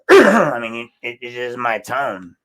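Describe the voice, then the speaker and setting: A man's voice: mid-range voice, sing-song, takes it slowly, fairly bright tone. A man hosting a podcast, talking emphatically to his listeners and often repeating words as he makes his point. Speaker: podcast host. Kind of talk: commentary on a council meeting.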